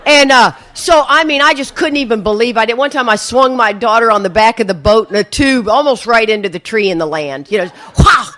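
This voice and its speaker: Middle-aged woman, recovery-meeting speaker; animated storyteller who laughs often and mimics the people in her tale. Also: fairly high pitch, fairly quick, few pauses. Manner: lively, laughing, acts out voices in her story. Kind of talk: storytelling talk to an audience.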